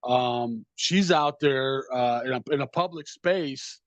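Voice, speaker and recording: A man's voice: mid-range voice, slow pace, no echo. A man co-hosting a casual rock podcast in a laid-back way, saying dude and man a lot. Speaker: podcast co-host. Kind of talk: casual chat about rock news.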